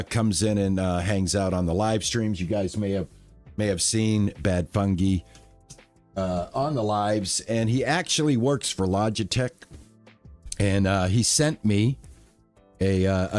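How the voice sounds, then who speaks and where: A man streaming from home, chatting slowly and easily with his viewers. His voice sits fairly low, and he leans on fillers and restarts as he thanks people. Faint music plays underneath. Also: darkish tone. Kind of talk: casual live-stream chat.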